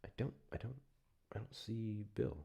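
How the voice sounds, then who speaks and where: Deep-voiced profane American livestream host. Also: male voice, moderate pace, gravelly, slightly rough. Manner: profane, animated, laughing asides. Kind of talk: casual livestream chat.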